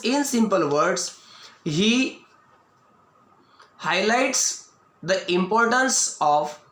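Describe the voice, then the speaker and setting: A man with an Indian English accent giving a video lecture as an English teacher, explaining slowly and restating each point. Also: sits high, fairly bright tone. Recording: echoey room.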